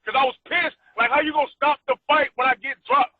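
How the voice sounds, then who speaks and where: A man's voice: very high voice, fairly even intonation, fast talker, dry recording. A man who is a boxer, arguing angrily and profanely as a call-in guest, insisting on his point. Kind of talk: heated call-in argument. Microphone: phone call. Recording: tinny phone line.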